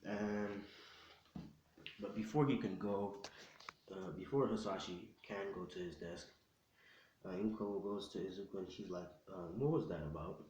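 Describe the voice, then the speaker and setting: A man's voice: deep voice, steady tone, unhurried, long pauses, darkish tone, slight background noise. A young man telling a fan story in a loose, rambling way, full of slang and fillers. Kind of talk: casual fan-fiction storytelling. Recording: echoey room.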